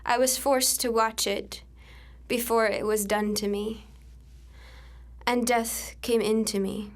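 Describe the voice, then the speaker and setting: A young woman performing a spoken word poem with an intense, dramatic delivery that swings between hushed passages and urgent outbursts. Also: on the high side, steady tone, takes it slowly.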